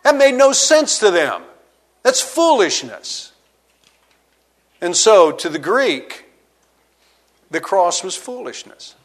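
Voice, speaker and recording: High-voiced male preacher. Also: very animated, slow, long pauses. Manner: expository preaching, reads scripture aloud and paraphrases it conversationally; dynamic delivery, drops low and quiet for emphasis. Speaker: pastor. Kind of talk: sermon.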